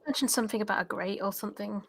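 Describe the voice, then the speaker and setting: A woman playing a tabletop game, making sassy, quick quips. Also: mid-range voice, vocal fry, fairly bright tone, slight background noise. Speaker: player.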